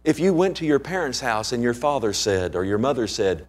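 A man preaches a passionate sermon, firing off rhetorical questions and shifting between loud and hushed delivery. His medium-pitched voice is expressive and brisk, with few pauses.

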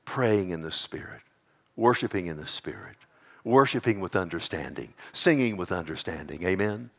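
A man's voice: low voice, expressive, normal speed. A middle-aged male pastor preaching a sermon, quoting scripture and pressing his points with rising emphasis.

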